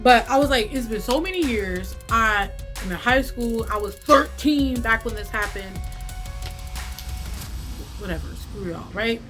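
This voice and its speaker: A woman telling a story to camera in a casual vlog, animated and cursing freely, with lots of "like" and "right?". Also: on the high side, a little slow, long pauses, over music. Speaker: YouTube storyteller.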